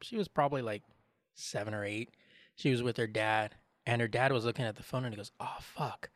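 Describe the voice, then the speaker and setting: A man's voice: mid-range voice, fairly even intonation, fairly quick, no echo, studio quality. A man co-hosting a podcast, chatting casually with joking banter. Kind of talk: casual chat.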